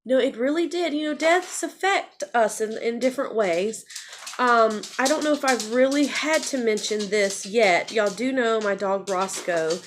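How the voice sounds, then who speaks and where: Lady vlogging, chatty and candid, kinda repeats herself, higher voice. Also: normal speed, slight background noise. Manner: candid, rambling, repeats phrases. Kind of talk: personal vlog confession.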